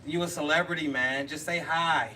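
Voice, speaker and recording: Excitable man chatting on a livestream. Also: fairly high pitch, normal speed. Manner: chatty and excitable, laughs and teases. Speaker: livestream host. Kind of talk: casual live chat. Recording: distant mic with noisy background.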